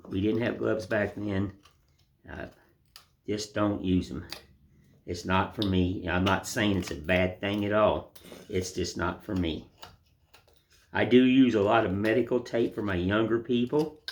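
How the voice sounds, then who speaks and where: A man's voice: fairly low pitch, steady tone, measured pace, pauses often, a little hiss or hum. Folksy older man teaching woodcarving. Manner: folksy, rambling, self-deprecating. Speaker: woodcarving instructor. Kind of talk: casual hands-on demonstration.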